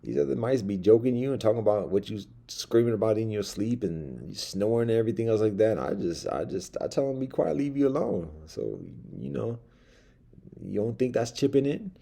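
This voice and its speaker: A man voicing a streetwise male house mouse who talks in slang, boasting and making quiet threats. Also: lowish voice, lively intonation, fairly quick, creaky, pitched above the performer's own voice. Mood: boastful.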